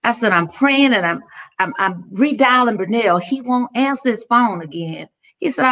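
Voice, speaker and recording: A woman's voice: a little high, expressive, moderate pace, fairly bright tone. A middle-aged woman, an interview guest, telling a personal story in an earnest, emotional way with many restarts.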